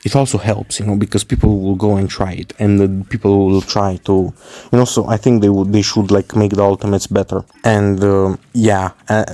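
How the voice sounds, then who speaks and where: Excitable, cursing male gamer with a mellow voice. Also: lowish voice, moderate pace, no echo. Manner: excitable, rambling, profane, heavy use of "like". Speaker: streamer. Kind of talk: casual gaming opinion vlog.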